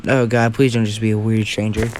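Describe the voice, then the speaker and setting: A man's voice: on the low side, level tone, a little fast, darkish tone, a little hiss or hum, close to an everyday voice. A man voicing a wary, sarcastic young woman who sounds dry and exasperated.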